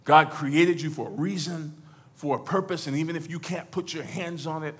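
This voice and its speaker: A man preaching a lively sermon in church, swinging from near shouts to low, quiet lines, with stammered repeats and playful asides. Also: normal speed, breathy edge. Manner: animated, rises to shouts and drops low.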